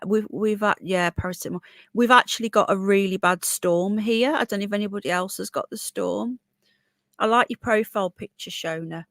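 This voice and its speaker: A woman's voice: medium pitch, a bit bright, no room sound. A woman hosting a casual livestream, with a sore throat, chatting opinionatedly and reading out viewer comments. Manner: chatty, opinionated, rambling with restarts. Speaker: livestream host.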